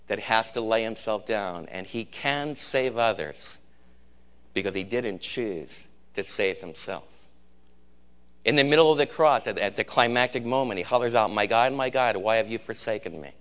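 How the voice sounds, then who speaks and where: A man preaching a sermon as pastor, swinging between loud cries and hushed, low lines.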